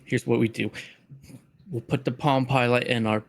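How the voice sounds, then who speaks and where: A man's voice: mid-range voice, steady tone, normal speed, creaky. Man player in urgent banter. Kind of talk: tabletop game play.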